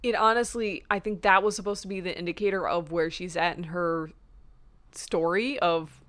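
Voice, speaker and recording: A woman co-hosting a casual podcast chat about films, relaxed and agreeable. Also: on the low side, moderate pace. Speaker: podcast co-host reviewing films.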